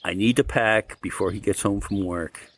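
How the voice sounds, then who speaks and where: A man's voice: on the low side, normal speed, noisy background. A man co-hosting a podcast, telling a long, rambling story casually and acting out the quoted lines. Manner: rambling, animated retelling with quoted dialogue. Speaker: podcast co-host.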